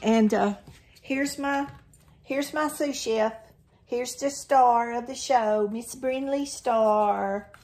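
Taking it slowly, an older woman speaks in a fairly high-pitched voice with a darkish tone and a Southern country accent. She chats casually to the camera in her home kitchen as she cooks, a cooking vlogger who often says "y'all."

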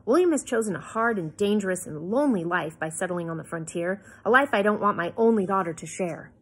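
A woman voicing a stern, weary old-fashioned doctor father who scolds his daughter, with a breathy voice. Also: mid-range voice, animated, a little fast, a bit bright.

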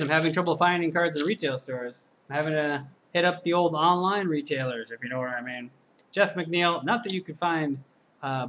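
A man's voice: fairly high pitch, a bit bright, a little hiss or hum. A man hosting his own channel, casually talking to himself while opening packs, self-deprecating and chatty, from the corner of a room at home. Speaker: card-breaking channel host. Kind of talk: casual solo pack-opening commentary.

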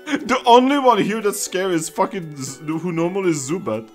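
A let's play commentator giving casual gameplay commentary, excitable, swearing and laughing often. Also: medium pitch, normal speed, soft background music.

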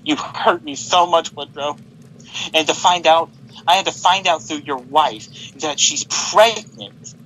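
A man's voice: fairly high pitch, a little slow, fairly bright tone, a little hiss or hum, poor audio. A man voicing a betrayed lover who confronts a liar in an accusing, repetitive and threatening way.

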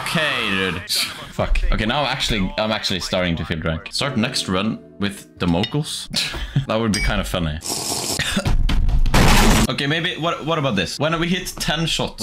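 Man, streamer, casual game commentary, lively up-and-down pitch, swears a lot, music playing behind. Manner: excitable, swears often, laughs a lot.

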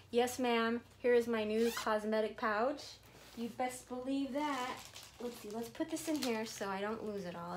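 A woman in her fifties chats slowly and gushes over gifts, laughing often in a slightly high voice. Her talk is drawn out and casual. The home recording has clear noise behind her. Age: 50s. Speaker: vlogger. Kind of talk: casual unboxing chat.

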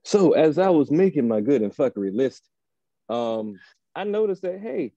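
A man co-hosting a casual podcast, talking loudly and rambling in a jokey, profane way. His voice is mellow and somewhat high, and his pitch swings widely. The sound is dry and dull, like a lo-fi recording. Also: lively intonation, a little fast, dry recording. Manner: loud, rambling and joking, with frequent laughter. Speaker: podcast co-host.

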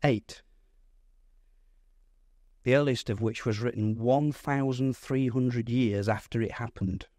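A man, a pastor, teaching a Bible study in a lively, conversational way, putting questions to his audience. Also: mid-range voice, takes it slowly, long pauses, no echo, clean studio sound.

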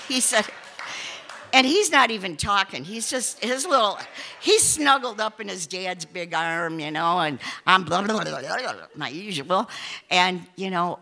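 A woman's voice: medium pitch, unhurried, pushed and bright. A woman telling a personal story on stage to a live audience, chatty and emphatic with many asides and restarts.

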